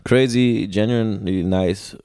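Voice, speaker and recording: Deep, dark-voiced man telling travel stories. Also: measured pace, clean tone, no echo, clean studio sound. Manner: animated storyteller with many restarts and laughs. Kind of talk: casual conversation.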